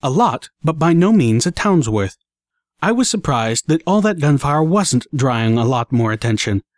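A man's voice: mid-range voice, normal speed, no room sound, clean studio sound. Man narrating an action story. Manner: expressive, dramatic reading. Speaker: audiobook narrator. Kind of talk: first-person story narration.

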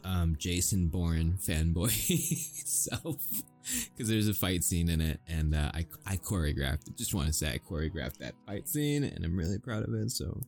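American guy who makes audio roleplays, rambly and sweary, lowish voice, some quiet music in the back. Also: animated, normal speed. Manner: rambling, swears, chuckles often. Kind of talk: casual chat to listeners.

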